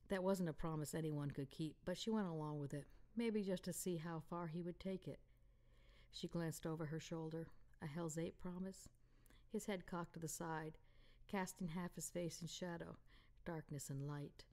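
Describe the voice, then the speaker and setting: A woman author reading aloud from her romance novel in a calm, intimate manner. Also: sits low, normal speed. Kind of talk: audiobook narration.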